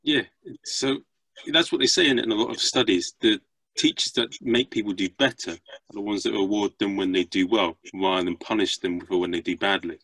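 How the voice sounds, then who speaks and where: A man's voice: fairly low pitch, brisk, a bit bright, no room sound, rough recording. A man hosting a podcast interview, talking casually and hesitantly. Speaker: podcast host.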